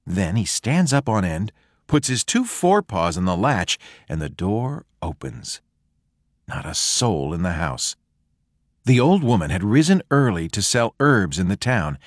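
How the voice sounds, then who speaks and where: A man reading a fairy tale aloud in a slow, expressive storytelling manner. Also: fairly low pitch, dry recording, clean studio sound.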